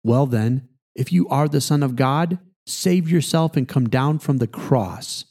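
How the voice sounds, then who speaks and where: A man's voice: mid-range voice, a little slow, dark tone. A man voicing a mocking crowd of passersby, taunting with a slightly raised voice.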